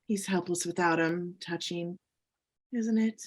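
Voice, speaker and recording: A woman's voice: fairly low pitch, fairly even intonation, measured pace. A woman reading the part of an anxious young woman who speaks in urgent exclamations. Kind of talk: amateur script reading.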